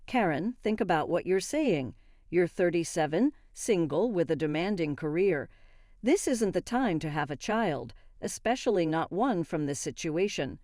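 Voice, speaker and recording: Woman reading a stern dad, firm and lecturing, lowish voice. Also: expressive, normal speed, a little mellow, no room sound, studio quality, lightly acted. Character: stern father.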